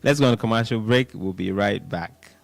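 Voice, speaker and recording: A man's voice: on the low side, a little fast, vocal fry, faint music behind. Man hosting a radio show. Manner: chatty, animated, laughs, counts aloud. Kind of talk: casual radio talk. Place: radio studio.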